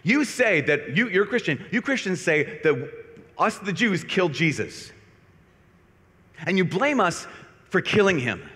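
A man's voice: a little high, big pitch swings, racing, few pauses, fairly bright tone. A man voicing a large, bearded, middle-aged man who questions him indignantly. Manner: challenging, questioning. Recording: echoey hall reverb.

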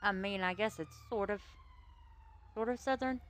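A woman from the US East Coast chats casually while streaming a roleplay game, blunt and profane but easygoing. Her voice is mid-range and her pace moderate.

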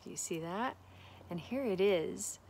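A woman teacher talks to children in a bright, sing-song way, coaxing them to repeat after her. She is outdoors by a fire pit, with a faint hiss and open-air ambience behind her voice. Her pitch sits in a middle range. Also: expressive, unhurried, creaky.

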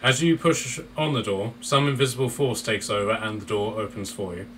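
A man's voice: on the low side, steady tone, brisk, a bit bright. A man narrating as game master of a tabletop game, loose and rambling with many fillers, on a distant mic with faint noise.

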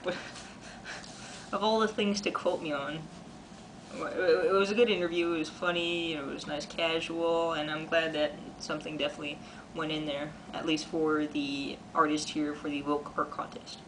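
A man's voice: fairly high pitch, moderate pace. Chatty young man, noisy background. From Canada. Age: 20s. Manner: chatty and excitable, many "like" fillers. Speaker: vlogger and artist. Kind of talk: casual video diary.

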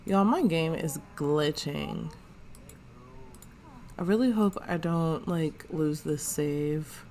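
Female gaming host, relaxed drawl, casual playful narration. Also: sits low, slow pace. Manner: chatty, slangy, narrates characters' thoughts. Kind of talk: casual let's play commentary.

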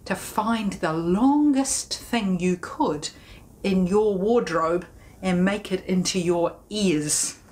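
A woman leading a children's music session, talking and singing in a playful sing-song way, sometimes dropping to a hushed whisper. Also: on the low side, slow.

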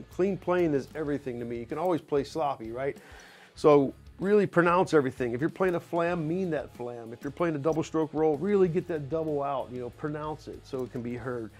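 A middle-aged man giving a drum clinic in a recording studio, talking loosely and casually with lots of "you know" fillers. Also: on the high side.

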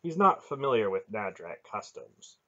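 A man's voice: fairly low pitch, very animated, normal speed, bright, forceful tone, dull audio, heavily acted. A man reading an audiobook, voicing a firm, composed woman sorceress.

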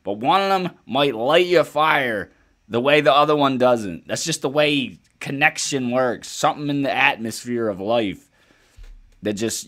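A man hosting a music reaction video, chatting casually and profanely as he reacts to a song. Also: medium pitch. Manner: relaxed, profane, chatty, thinking aloud. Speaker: music reaction channel host.

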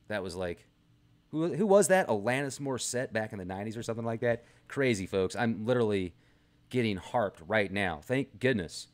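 A man vlogging from a garage in a rambling, sarcastic casual rant to camera. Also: lowish voice. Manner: animated, rambling, sarcastic asides.

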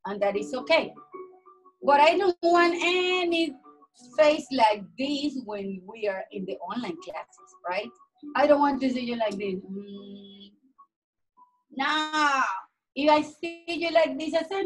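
A high-voiced woman teaches little children over a video call from home. She talks slowly and draws her greetings out in a sing-song way. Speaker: preschool teacher. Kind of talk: online class with young children.

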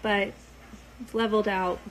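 A woman's voice: medium pitch, steady tone, moderate pace, slight background noise, poor audio. A young woman chatting casually with viewers, loose and rambling with frequent ums, sounding tired. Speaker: reality show cast member talking to viewers.

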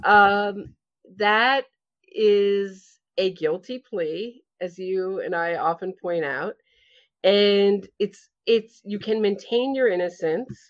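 A woman's voice: medium pitch, takes it slowly. A woman with a New York accent, a podcast guest explaining things in a chatty way with frequent restarts. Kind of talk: casual podcast interview. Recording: slightly dull, lo-fi audio.

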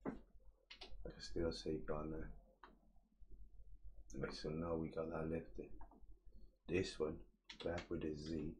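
Low-voiced man muttering software steps. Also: completely flat delivery, slow, long pauses, a little hiss or hum. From England. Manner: mutters steps to himself, swears casually, slangy. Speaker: 3D modelling streamer. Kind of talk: casual live-stream tutorial, chatting with viewers.

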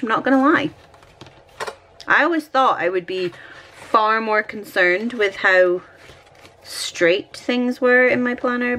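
A woman's voice: fairly high pitch, a bit bright. A Scottish woman vlogging at home, chatting and thinking aloud while she decorates her planner, often poking fun at herself.

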